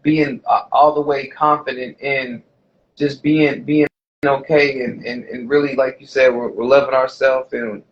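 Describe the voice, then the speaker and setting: A man's voice: mid-range voice, level tone, a little slow, lo-fi sound. A man co-hosting a podcast in casual chat, rambling and often restarting, with "you know what I mean" fillers. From USA. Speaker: podcast co-host.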